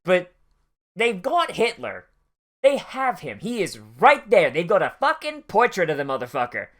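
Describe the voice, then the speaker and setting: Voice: mid-range voice, huge pitch swings, moderate pace, a bit bright. Profane, rambling anime watch-along host. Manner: profane, rambling and tangential storytelling. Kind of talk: casual commentary while watching an episode.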